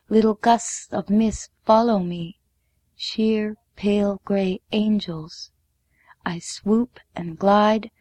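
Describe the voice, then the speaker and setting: A woman reads a first-person story aloud, slow and measured, sometimes dropping to a hush. Her voice sits in the middle of the range, and the recording is dry and close. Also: medium pitch, no echo. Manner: measured, deliberate, sometimes hushed. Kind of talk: reading a memoir story aloud.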